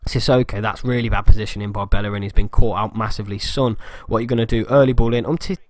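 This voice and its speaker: A man giving excitable fan commentary over a football video game, close to his mic. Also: lowish voice, fast, no room sound. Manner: excitable fan banter, bursts of shouting. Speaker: gaming YouTuber. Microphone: close desk mic.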